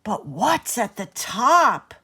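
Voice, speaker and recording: Eager storybook boy, bright and excited, voiced by a woman. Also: fairly high pitch, takes it slowly, breathy edge, exaggerated voice. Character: young boy Jack, eager and hungry.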